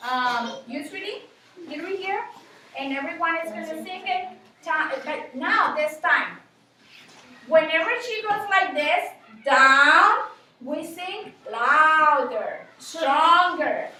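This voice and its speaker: A woman's voice: sits high, lively intonation, takes it slowly, sharp tone, a little hiss or hum. A woman teaching a music lesson to young children, giving patient instructions and switching between English and Spanish, recorded from across a classroom. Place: school classroom. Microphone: distant camera mic. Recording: echoey classroom from far off.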